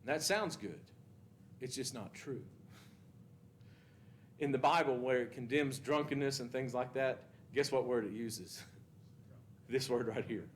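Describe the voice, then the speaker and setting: A man's voice: mid-range voice, a little slow, long pauses, a little hiss or hum. A man teaching a Bible class at church, asking the class questions and reading scripture with emphasis.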